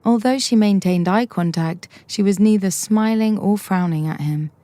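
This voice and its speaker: Mellow woman reading a story. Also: medium pitch, normal speed, no room sound. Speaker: audiobook reader. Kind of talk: scripted story narration.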